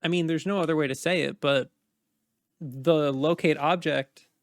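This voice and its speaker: A game master running a tabletop game, giving relaxed rulings and chuckling at the players. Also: mid-range voice, moderate pace, no echo, clean studio sound.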